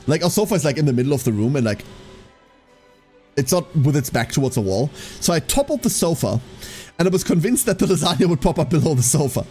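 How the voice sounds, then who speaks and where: A man's voice: a little high, animated, quick pace, a little mellow, soft background music. A man live streaming who tells a rambling story to his chat and swears freely.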